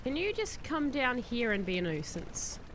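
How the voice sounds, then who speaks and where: Excitable high bright-voiced woman streamer. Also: normal speed, a little hiss or hum. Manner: chatty, excitable, reads chat aloud. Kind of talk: live-stream gameplay chat.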